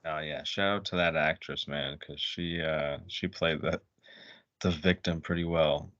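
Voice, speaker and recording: Really deep voiced dude on a podcast, blunt and sweary, kinda muffled mic. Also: male voice, steady tone, a little slow, a bit bright, no echo. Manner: short agreeing interjections, blunt and profane. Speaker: podcast co-host. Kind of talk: casual movie discussion.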